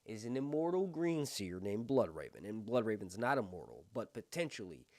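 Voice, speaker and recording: A male review-channel host speaking in an excited fan-commentary style. His pitch swings widely as he talks. The sound is close and dry, with no room around it. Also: no room sound. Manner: enthusiastic, quick to exclaim. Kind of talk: excited fan commentary with read-aloud passages.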